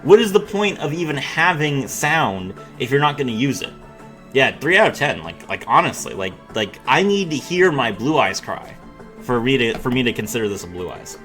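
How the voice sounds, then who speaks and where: A man's voice: medium pitch, sing-song, normal speed, fairly bright tone, soft background music. A man giving casual, blunt commentary while rating game animations, with many filler words. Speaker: game reviewer host.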